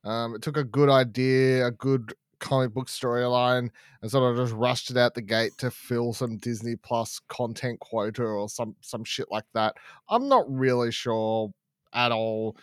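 A man's voice: mid-range voice, a little slow, clear, resonant tone, dry recording. A man co-hosting a casual podcast, laid-back, dry and dismissive in his opinions. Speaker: podcast co-host. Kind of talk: casual podcast review chat.

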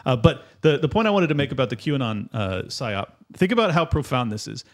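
A man co-hosting a casual podcast, ranting quickly and swearing as he makes his points. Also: mid-range voice, very animated. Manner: fast, profane, ranting. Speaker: podcast co-host.

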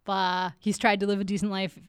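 A woman's voice: mid-range voice, moderate pace, clean tone, dry recording, studio quality. A woman co-hosting a podcast, casually recapping a TV episode with frequent laughs and filler words. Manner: laughs often, lots of likes and uhs. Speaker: podcast co-host.

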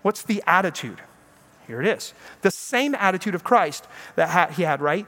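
High-voiced animated male preacher. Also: normal speed. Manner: animated storytelling preacher who acts out quotes. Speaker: pastor. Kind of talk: sermon.

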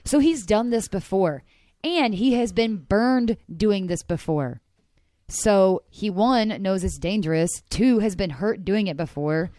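A woman's voice: medium pitch, animated, unhurried, mellow, dry recording. A woman with a mid-range voice recounts a story on a casual podcast. She sounds chatty and incredulous. The sound is dry and close-miked. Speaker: podcast co-host.

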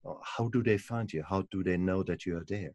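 Male podcast host, low voice, halting and repetitive, dry close sound. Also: no room sound. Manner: halting, repeats words, warm encouraging fillers. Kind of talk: casual interview.

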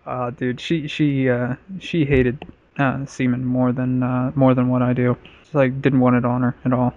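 A man's voice: mid-range voice, level tone, normal speed, no echo. A man casually telling a crude personal story on a podcast, rambling with lots of filler words. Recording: dull, lo-fi podcast audio.

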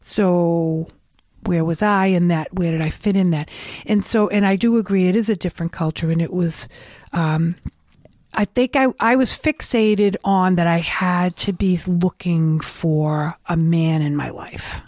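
A woman's voice: on the low side, measured pace, a little mellow, dry recording, studio quality. A middle-aged woman with a New England accent telling candid, rambling stories in a casual conversation. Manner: rambling, candid storytelling with restarts.

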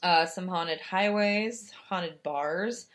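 A young woman co-hosting a podcast, with a slightly low voice and a loose, rambling way of talking. She swears freely and fills her talk with fillers and quick laughs. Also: fairly bright tone. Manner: chatty, profane, lots of fillers and laughs. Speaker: podcast co-host. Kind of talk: casual chat.

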